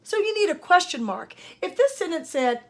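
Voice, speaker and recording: An older woman, a speech-language pathologist, giving a grammar lesson at a whiteboard and speaking slowly and with emphasis. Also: extremely high pitch, very animated. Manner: slow, emphatic teacher talk. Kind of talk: grammar lesson for parents and students.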